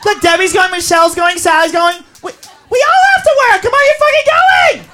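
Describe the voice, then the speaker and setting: A woman playing a bossy young woman who pushes and yells at her friends to come out. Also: very high voice, fairly quick. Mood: pushy. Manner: pushy, yelling orders.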